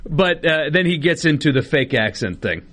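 A man's voice: on the high side, lively intonation, normal speed, a bit bright. A man co-hosting a sports talk radio show, trading wry, casual banter.

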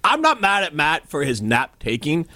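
A man's voice: a little high, huge pitch swings, moderate pace, pushed and bright, dry recording. A man hosting a sports radio show in a studio, joking with his co-host and reading listener texts aloud. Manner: jokey, teasing, reads listener texts aloud. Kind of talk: casual sports radio banter. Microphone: studio microphone.

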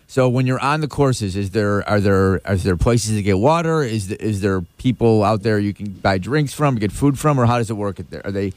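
A man's voice: fairly low pitch, animated, normal speed, hardly any pauses, a little mellow, dry recording. A man hosting a radio show, chatting casually with plenty of restarts and asides, recorded on a studio microphone. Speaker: radio host.

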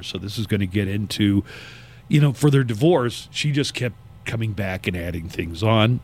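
A man's voice: fairly low pitch, a little mellow. A middle-aged man hosting a morning radio show, trading casual jokes and reading news and listings. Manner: wisecracking, conversational, reads listings briskly.

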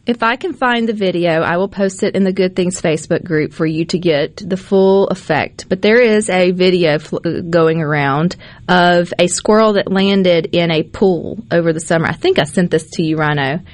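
A woman hosting a radio talk show in a studio, chatty and quick to laugh. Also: on the low side, no room sound. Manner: chatty, giggly, laughs often. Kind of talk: casual radio chat. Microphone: studio microphone.

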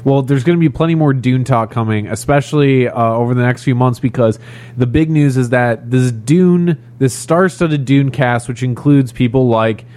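A man with a mid-range voice, hosting a casual podcast chat. He talks in an animated way and steers the conversation toward what comes next. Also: mid-range voice, moderate pace. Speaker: podcast co-host.

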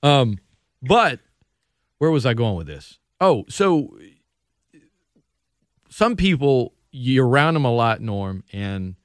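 A man, a radio sports host chatting loudly and lively at a studio microphone, laughing often. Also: medium pitch, slow pace, pauses often, dry recording. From Louisiana. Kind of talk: casual radio banter.

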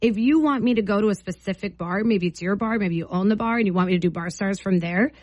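A woman's voice: medium pitch, fast, a little mellow, dry recording. A woman hosting a morning radio show, chatty and playful, laughing often as she talks to listeners. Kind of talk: upbeat morning radio talk.

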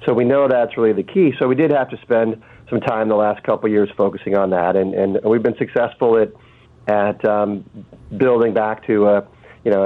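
A man calling in as a guest on a radio show, speaking haltingly with many fillers and restarts over a phone line. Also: lowish voice.

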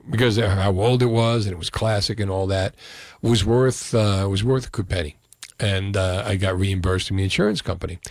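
A man hosting a call-in radio show, telling a story with lively jumps in his voice. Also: dry recording, clean studio sound. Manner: animated storytelling, pitch jumping up when exasperated. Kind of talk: casual call-in radio talk. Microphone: studio microphone.

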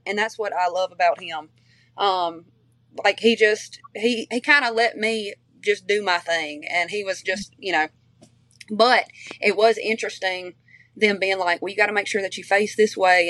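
A woman talks casually in an interview, her strong regional accent coloring every word. She rambles warmly with fillers and false starts at a mid pitch. The sound is close and dry. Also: dry recording. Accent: strong regional accent she shares with her family. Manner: chatty, many fillers and restarts, laughs easily. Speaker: interview guest, country singer.

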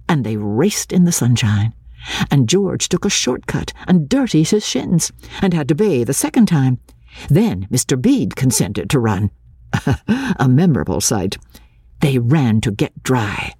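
A woman reads a classic novel aloud in a low voice that swoops widely as she tells the story. Her tone is mellow and slightly husky. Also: unhurried, dry recording, studio quality. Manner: expressive, lilting narration. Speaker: audiobook reader.

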